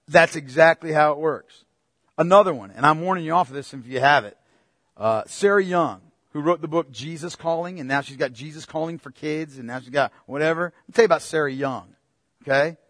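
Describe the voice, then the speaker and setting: A man delivering a teaching sermon in a loose, conversational manner, pausing often to check that his listeners are following. His delivery jumps from loud emphatic bursts to soft asides. The sound is dry and close. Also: on the high side, dry recording. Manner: animated swings from loud to quiet. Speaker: pastor.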